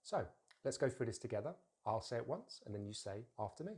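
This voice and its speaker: Man teaching pronunciation, deliberate and clear. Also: medium pitch, lively intonation, darkish tone. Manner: slow, deliberate modelling of words with drills to repeat; explains plainly with frequent fillers and restarts. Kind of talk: pronunciation lesson.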